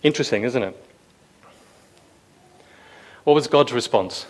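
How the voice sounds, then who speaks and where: A man's voice: mid-range voice, measured pace. A man preaching a sermon to a room, talking conversationally, asking the listeners questions and acting out quoted lines with a raised voice. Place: room with a live audience.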